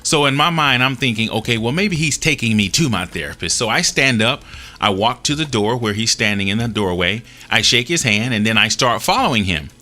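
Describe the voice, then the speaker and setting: A man with a low, bright, forceful voice recounts a personal story in a casual, earnest tone. He acts out both sides of each conversation and restarts his sentences now and then. Faint music plays behind him. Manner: earnest, retells dialogue with small restarts. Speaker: host telling a personal story.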